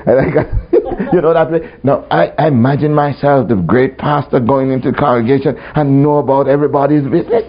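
A man's voice: medium pitch, a little fast, hardly any pauses. A man preaching a storytelling sermon who laughs often and acts out the voices he quotes. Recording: dull lo-fi recording, faint background.

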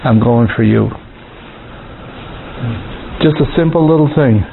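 A man preaching an informal sermon in a conversational way, repeating words and reading scripture verses slowly. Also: mid-range voice, gravelly. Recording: tinny phone-like sound with faint hiss.

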